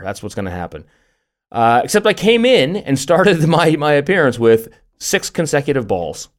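A middle-aged man co-hosting a podcast, telling stories in an animated way with lots of restarts and laughs. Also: a little high, a little fast. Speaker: podcast co-host. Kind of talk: casual chat.

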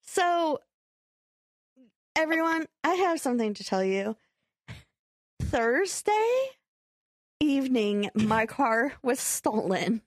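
A young adult woman hosting a podcast, telling a story in a casual chat, animated and acting out her own quotes with frequent laughter. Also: sits high, slow, long pauses, no room sound. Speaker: podcast co-host.

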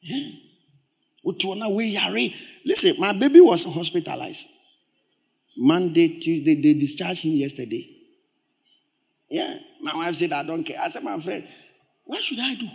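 A male pastor preaching a sermon. He repeats words for emphasis and swings from loud exclamations to low, quiet storytelling. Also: big pitch swings, moderate pace, creaky, long pauses.

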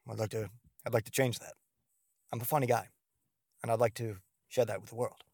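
A man doing an impression of an earnest, serious middle-aged male actor, speaking quietly and solemnly. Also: medium pitch, little pitch movement, brisk, no room sound, clean studio sound, voice pushed down, close to an everyday voice.

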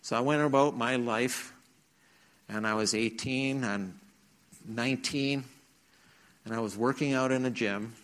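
In a medium-pitched, slightly bright voice with fairly even intonation, a middle-aged man addresses teens in a church at a measured pace, pausing often. As a youth speaker, he tells his testimony earnestly and acts out the quotes.

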